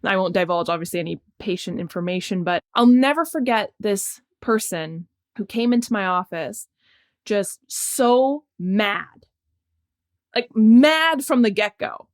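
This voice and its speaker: Middle-aged woman doctor, relaxed podcast guest, thoughtful and lively when telling stories. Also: mid-range voice, unhurried. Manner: reflective, animated storytelling with laughs. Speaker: podcast guest, sports medicine physician. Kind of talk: casual conversation.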